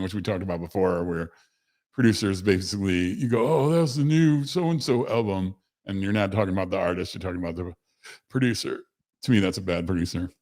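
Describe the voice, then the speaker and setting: A man with a somewhat low voice hosts a casual livestream. He rambles in a loose, chatty way, corrects himself mid-sentence and answers viewers in the chat. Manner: rambling, conversational, with fillers and self-corrections; reads chat messages aloud to viewers. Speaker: host of a livestream show.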